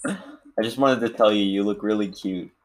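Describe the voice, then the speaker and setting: A man's voice: lowish voice, normal speed, darkish tone. A man teasing his friends in a casual chat while gaming, laughing often.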